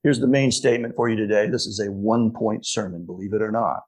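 Husky male preacher giving a sermon. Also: fairly low pitch, fairly even intonation. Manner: emphatic, slows down for key phrases. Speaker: pastor.

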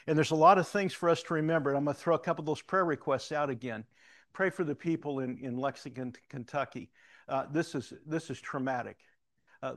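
A man in his sixties with a Southern-tinged Missouri accent, giving a folksy, anecdotal talk from the front of a church. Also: mid-range voice. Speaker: church leader.

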